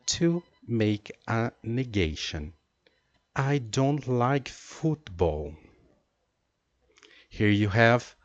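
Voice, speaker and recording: A man teaching an English grammar lesson, explaining slowly and reading out example sentences. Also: fairly low pitch, a little mellow, no room sound, muffled recording. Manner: slow, deliberate explaining with drawn-out example sentences.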